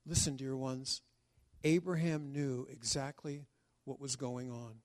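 Slow, emphatic male preacher. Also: on the high side, steady tone, a little mellow. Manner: emphatic, with dramatic pauses and stretched words. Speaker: pastor. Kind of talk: sermon.

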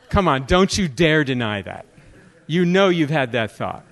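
A guest speaker with a fairly high-pitched male voice gives a humorous sermon in a joking, chatty style. He drifts from scripture into animated stories and side remarks, drawing the audience in with quick questions.

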